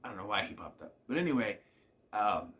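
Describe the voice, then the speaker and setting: A man with a lowish, somewhat bright voice talks fairly quickly and very animatedly as he casually recaps and reviews a TV episode. He muses aloud and questions the plot, often trailing off with "I don't know." He laughs at the scenes.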